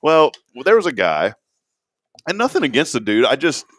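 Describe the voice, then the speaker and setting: A middle-aged man co-hosting a morning show, telling stories in a lively way and laughing often. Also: medium pitch, moderate pace. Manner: animated storyteller, laughs often. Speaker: radio show co-host. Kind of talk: casual chat.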